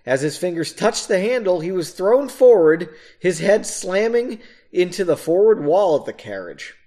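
A man's voice: high-pitched, very animated, moderate pace, mellow. A man reading a story aloud and breaking off for casual, self-mocking asides. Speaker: reader of his own novel.

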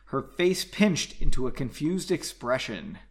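A man's voice: mid-range voice, big pitch swings, unhurried. A man casually reading a fantasy novel aloud at home on a couch, with jokey asides between passages. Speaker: audiobook reader.

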